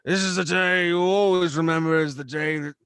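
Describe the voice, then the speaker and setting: A man's voice: fairly high pitch, steady tone, fairly quick, a bit bright, clear, resonant tone, no room sound, voice pushed up. A man voicing a swaggering, roguish pirate captain with a theatrical, slurred drawl.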